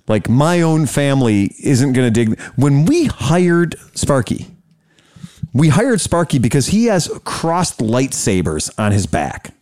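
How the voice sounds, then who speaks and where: A man's voice: mid-range voice, sing-song, measured pace, darkish tone. A man hosting a casual chat, telling profane stories with a lot of laughter. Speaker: podcast host.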